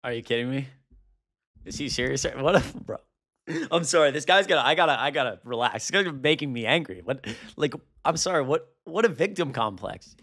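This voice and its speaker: A man's voice: a little high, big pitch swings, a bit bright. A young man reacting to a protest video as a political commentator, indignant and exasperated. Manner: indignant, exasperated, quick asides.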